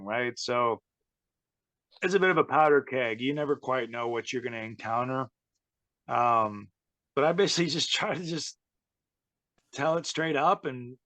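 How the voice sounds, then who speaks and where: A man, a former pro wrestler, telling backstage stories in a chatty, animated way on an interview podcast. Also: medium pitch, dry recording. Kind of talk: casual interview storytelling.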